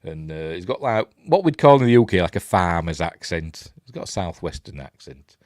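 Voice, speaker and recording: A Yorkshire man talks through a film in a loose, rambling commentary full of asides and rhetorical questions. His voice sits low, but his intonation jumps around a lot. The sound is dry, with no room echo. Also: animated, normal speed, a little mellow. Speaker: film reviewer, channel host.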